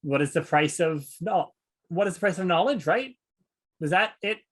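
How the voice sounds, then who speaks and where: A man's voice: high-pitched, animated, moderate pace, a bit bright. A man playing a tabletop game, making wry, sarcastic remarks. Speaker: player. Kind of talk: tabletop role-play chat.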